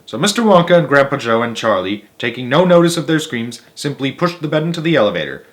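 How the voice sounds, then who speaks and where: A young adult man narrating a children's book read-aloud in a steady, expressive way. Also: medium pitch, fast. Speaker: storyteller.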